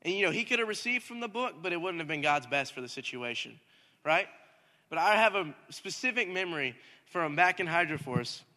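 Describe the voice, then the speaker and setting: A young man, a minister, telling a story in a lively sermon and rising to shouts at times. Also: sits high, a little fast. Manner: animated, talks in circles, rising to shouts. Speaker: youth minister. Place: church hall. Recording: hall reverb.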